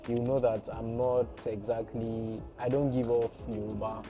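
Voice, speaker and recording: A man's voice: mid-range voice, little pitch movement, a little slow. Playful Nigerian man with music behind. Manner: laughing, playful, self-deprecating. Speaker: guest content creator and voiceover artist. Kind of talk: casual interview chat.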